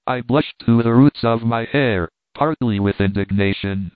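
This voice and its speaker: A man narrating a story aloud at a measured, deliberate pace. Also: mid-range voice, smooth, no echo, narrow, tinny audio. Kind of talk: audiobook reading.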